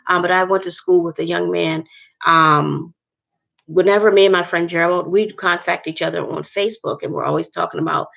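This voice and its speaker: A woman's voice: lowish voice, steady tone, fairly quick, vocal fry, a bit bright, lo-fi sound. A woman vlogger talking earnestly to her viewers about faith, rambling and repeating herself.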